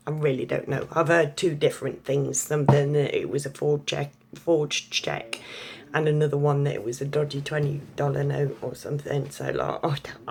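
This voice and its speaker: A woman's voice: low-pitched, slightly rough. An English woman in a blunt, sweary, chatty opinion rant to camera. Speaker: vlogger.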